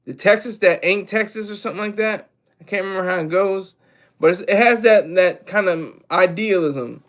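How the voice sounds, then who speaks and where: High-voiced man rambling on a livestream. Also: moderate pace. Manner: energetic and rambling, with restarts and asides to chat. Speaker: livestream host. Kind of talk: casual livestream commentary.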